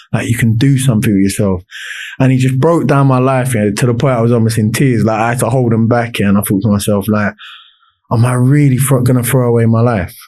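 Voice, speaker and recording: A man's voice: mid-range voice, fairly even intonation, fairly quick, a little mellow. A man, a podcast guest telling his life story in casual talk, with many restarts and fillers.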